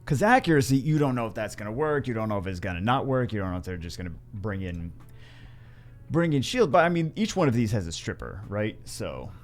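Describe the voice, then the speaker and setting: Low-voiced man rambling over gameplay. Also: sing-song, brisk, faint music behind. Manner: rambling, self-correcting, wry. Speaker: gaming video host. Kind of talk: casual gameplay commentary.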